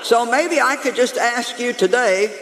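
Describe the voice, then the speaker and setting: Lady pastor preaching, high voice, funny and lively, big echoey church hall. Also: measured pace. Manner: lively, humorous, calls out to the congregation. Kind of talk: sermon. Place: church sanctuary.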